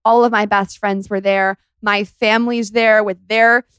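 Podcast host: bubbly woman, smooth and clear, dry close mic, gushing storyteller. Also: mid-range voice, flat delivery, unhurried, fairly bright tone, dry recording. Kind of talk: casual chat.

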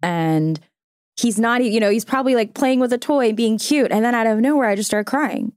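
A woman's voice: a little high, brisk, a little mellow, no echo, studio quality. A woman in her thirties, a podcast guest, talking earnestly in casual chat, saying "like" a lot and acting out quotes. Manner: earnest, heavy use of "like", acts out quotes.

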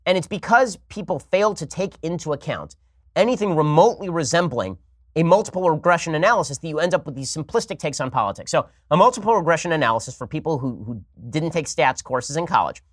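A man's voice: on the high side, expressive, no room sound, clean studio sound. A man hosting a political talk show, delivering a sarcastic, argumentative commentary monologue. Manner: rapid-fire, argumentative, sarcastic.

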